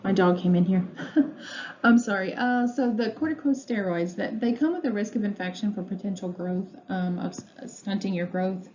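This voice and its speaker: This recorded pharmacy lecture comes from a room at home, where a woman talks conversationally with frequent ums and uhs. Her voice is mid-range and a little mellow, at a moderate pace. The sound is dull, lo-fi and faintly noisy.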